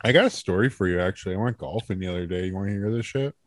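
A man's voice: deep voice, very fast, no echo, studio quality. A man casually telling a profane, laughing story on a comedy chat show.

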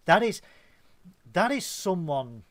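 A man's voice: high-pitched, big pitch swings, slow pace, fairly bright tone. A man co-hosting a casual podcast, swearing freely and telling rambling stories. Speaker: podcast co-host.

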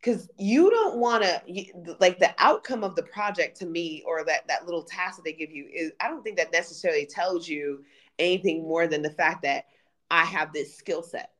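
A woman, a project manager, talking as a podcast guest in animated casual chat. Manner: animated, conversational, quick pitch jumps.

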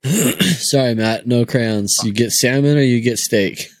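A man's voice: medium pitch, unhurried, no echo. A young man hosting a podcast, joking and swearing through casual banter. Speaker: podcast host.

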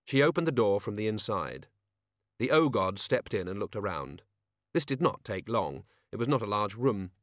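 Man, audiobook narration, expressive, measured, dry recording. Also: lowish voice, no room sound.

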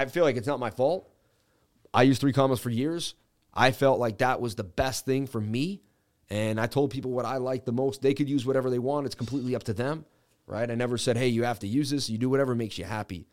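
A man hosts a crypto trading livestream in a casual, unscripted way. His voice sits at an ordinary middle pitch, and he talks haltingly, full of fillers and restarts. He reads news items aloud and breaks in with his own asides. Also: darkish tone.

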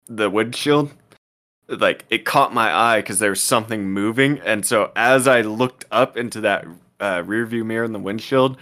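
A young man co-hosting a podcast, telling a story in casual chat, animated, peppered with "dude" and "bro.". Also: mid-range voice. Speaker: podcast co-host. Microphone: podcast microphone.

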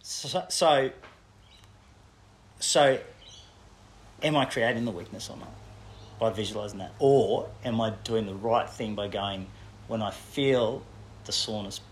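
A man being interviewed as a guest coach, talking reflectively and haltingly. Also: on the low side, a little hiss or hum. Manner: reflective, hesitant with restarts and "you know". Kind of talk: casual chat.

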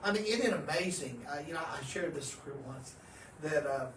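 Pastor guy on a podcast, kinda high voice, goes from hushed to loud, roomy distant mic. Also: fairly quick, a little hiss or hum. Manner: animated storyteller, swings from hushed to loud. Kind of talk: casual religious podcast chat.

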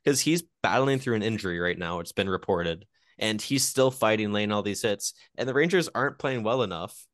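A man's voice: lowish voice, a little fast, fairly bright tone, dry recording, clean studio sound. A man co-hosting a hockey podcast, steering the casual chat and putting questions to the others. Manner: leads the discussion, asks the others questions. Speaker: podcast co-host.

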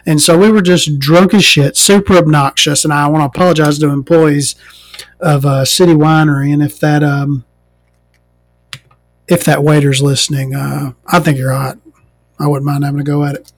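A woman's voice: low-pitched, steady tone, normal speed. An American trans woman hosting a podcast, ranting casually and sarcastically with a lot of swearing. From United States, inland. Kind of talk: casual comedic rant monologue.

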